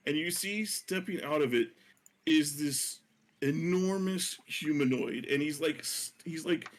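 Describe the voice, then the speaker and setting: A man's voice: a little high, a little slow, slight background noise. Hesitant man running a tabletop game. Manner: hesitant, full of fillers and self-corrections. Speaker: game master.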